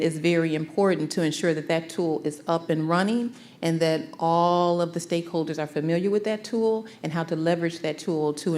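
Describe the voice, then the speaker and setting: A woman school district leader answering questions at a community forum in a measured, explanatory way. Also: deep voice, darkish tone.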